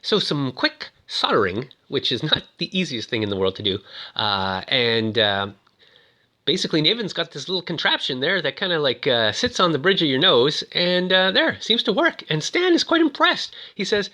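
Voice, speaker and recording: A man casually retelling a film's story with toys, chatty and full of fillers, shouting out the characters' lines as he goes. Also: fairly high pitch, very animated, normal speed. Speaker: toy reviewer retelling a film.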